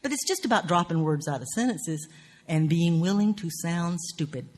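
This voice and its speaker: A woman with a Southern US accent giving a writing workshop lecture in a salty, profane, animated way, laughing often. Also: lowish voice, moderate pace.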